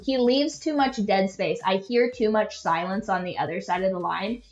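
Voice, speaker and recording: In an echoey room with dull, lo-fi sound, a young woman hosts a podcast at a moderate pace and medium pitch. She rambles through stories casually, pokes fun at herself, and uses "like" as a filler again and again.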